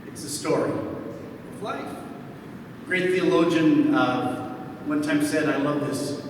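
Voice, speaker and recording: A man's voice: on the high side, slow, long pauses. A man in his sixties, a priest, telling jokey stories to an audience and acting out the dialogue, recorded from far off in a large hall. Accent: Milwaukee, Wisconsin. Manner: jokey, animated storyteller who acts out dialogue. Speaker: priest, panel speaker. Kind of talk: storytelling talk to an audience. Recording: echoey hall from far off, noisy.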